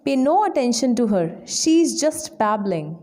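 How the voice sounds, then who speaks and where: Slow, mellow woman teaching vocabulary. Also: a little high, very animated. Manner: slow, deliberate word-by-word explanation. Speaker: English trainer. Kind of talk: vocabulary lesson.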